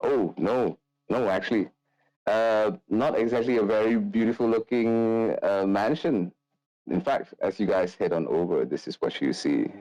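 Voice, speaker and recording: Deep-voiced male game master. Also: measured pace, dry recording, dull audio. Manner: loose, relaxed narration with many fillers. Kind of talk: narrating a tabletop game.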